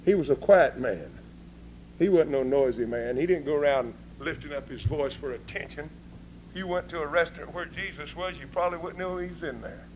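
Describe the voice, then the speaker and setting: A man preaching a sermon with folksy, informal grammar, swinging between hushed talk and fervent shouting. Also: fairly high pitch, brisk, a little hiss or hum, low-quality recording.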